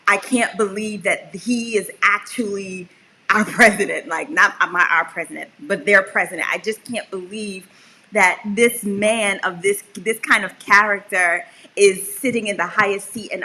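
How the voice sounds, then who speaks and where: A woman co-hosting a casual chat, expressive and quick to laugh. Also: mid-range voice, rough recording. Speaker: co-host.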